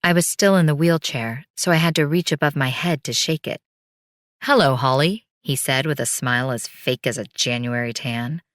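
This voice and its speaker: A woman reads a first-person audiobook story with a wry, bitter edge. Her voice sits low, and the recording is dry and close with no room sound. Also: a little fast, few pauses, fairly bright tone, no room sound.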